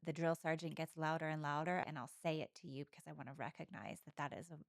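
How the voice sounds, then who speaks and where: A woman with a fairly low voice and a gravelly fry talks openly and reflectively, as if in a close conversation. Her voice is recorded dry, with no room sound around it. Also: fairly even intonation, fast, no room sound. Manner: open, reflective, candid. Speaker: podcast co-host. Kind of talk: intimate conversation.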